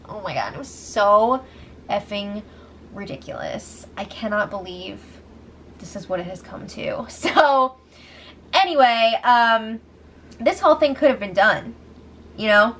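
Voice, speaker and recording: A woman recapping a reality show in a casual, animated and gossipy way, swearing freely as she talks. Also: mid-range voice, a little slow, long pauses, slight background noise.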